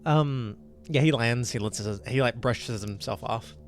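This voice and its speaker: A man narrating as game master in a relaxed way, with frequent fillers. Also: mid-range voice, a little slow, faint music behind.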